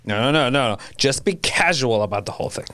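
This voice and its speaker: A man's voice: medium pitch, expressive, no echo. A man reading the part of the husband's meddling male friend in an amateur 1940s radio play reading, bossy and coaxing. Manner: bossy, coaxing, quick to shout warnings.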